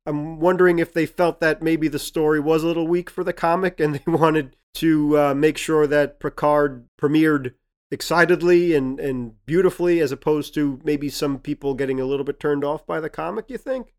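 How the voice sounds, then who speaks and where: A man's voice: on the high side, steady tone, moderate pace, clear, resonant tone. A man co-hosting a podcast, musing aloud and asking speculative questions. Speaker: podcast co-host. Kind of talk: casual podcast discussion.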